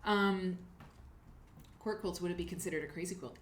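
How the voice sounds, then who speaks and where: Speaking at normal speed with frequent pauses, this woman has a fairly low-pitched voice, and slight background noise can be heard. She hosts a live quilting show, chatting and rambling casually as she reads out chat names to thank viewers.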